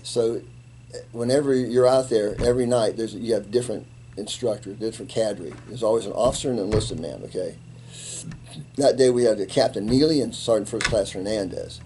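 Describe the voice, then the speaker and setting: A man in his seventies, a retired Army colonel, telling animated stories in an interview and acting out the quotes. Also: on the low side, brisk, a little hiss or hum. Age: 70s. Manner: animated anecdote teller, acts out quotes, laughs. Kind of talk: storytelling in an interview.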